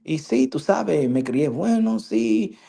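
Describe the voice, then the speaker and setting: A meek, well-mannered boxer speaks softly and modestly, as a man imitates him. He sounds humble and never boastful. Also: high voice, lively intonation, measured pace, vocal fry, slightly rough, full character voice. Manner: mild and modest in Spanish. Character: meek polite humble male Dominican boxer.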